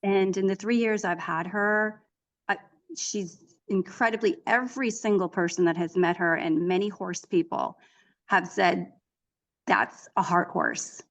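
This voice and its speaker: A middle-aged woman talking casually as a guest in an interview. She tells her stories in an animated, chatty way, often restarting her sentences. Her voice sits at an ordinary middle pitch. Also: measured pace, dull audio. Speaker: author and equine therapist, guest.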